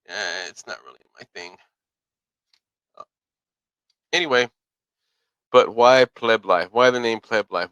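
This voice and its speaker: A middle-aged man speaks in a fairly low but bright, forceful voice. He rambles in an easygoing, folksy manner and stops to correct himself. The sound is dry and close, with little room in it. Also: clear, resonant tone, dry recording, rough recording. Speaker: podcast host. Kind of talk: casual solo commentary.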